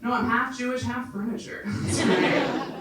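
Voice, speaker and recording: A woman's voice: fairly high pitch, moderate pace, heavy background noise. A woman from Canada with a Canadian accent doing a stand-up comedy set on stage, with dry, self-mocking asides. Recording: echoey club room from far off.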